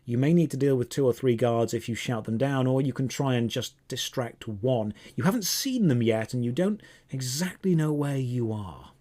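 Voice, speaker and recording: A man running a tabletop game as game master, narrating scenes in a descriptive, drawn-out way. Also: mid-range voice, lively intonation, mellow.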